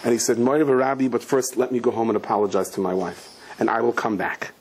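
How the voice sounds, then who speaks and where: A man, a rabbi, giving an animated Torah lecture full of storytelling and Hebrew and Yiddish terms. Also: quick pace, husky. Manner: acts out the characters in a story with sudden high, shouting outbursts; sprinkles Hebrew and Yiddish terms into his English.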